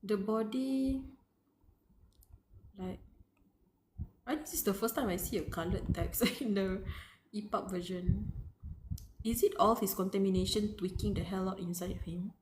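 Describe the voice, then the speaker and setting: A woman reads a web novel to her live audience and reacts as she goes, with excited outbursts, heavy sighs and a breathless edge. She speaks at an ordinary middle pitch. The recording sounds roomy and echoey, with a faint hiss underneath. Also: a little slow, long pauses. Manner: excitable, sighing, breathless reactions, keeps saying "bro". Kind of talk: live reading with emotional reactions.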